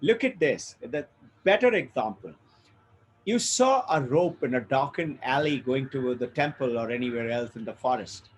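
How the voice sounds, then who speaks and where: A man's voice: mid-range voice, lively intonation, moderate pace, slight background noise, rough recording. A man giving a spiritual lecture, explaining ideas through stories and rhetorical questions. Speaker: spiritual teacher.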